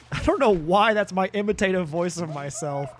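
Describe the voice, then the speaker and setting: A man's voice: sits high, moderate pace, slight background noise. A tired, sleepy man streaming a game late at night, rambling in casual chat with lots of fillers and restarts that trail off.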